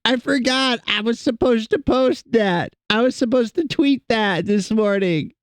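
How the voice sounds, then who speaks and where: A man's voice: very high-pitched, measured pace, smooth, no room sound. A man streaming and chatting casually with his viewers, rambling and self-deprecating as he greets people in chat.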